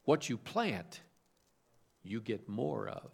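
A man's voice: mid-range voice, sing-song, takes it slowly, creaky, breathy edge. A man preaching a sermon, from suburban Chicago, asking rhetorical questions and telling homespun stories. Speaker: pastor.

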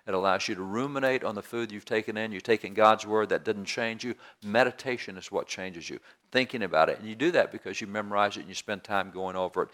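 A man's voice: on the low side, a bit bright. A man preaching a sermon in a folksy, down-home way, repeating phrases for emphasis. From rural area.

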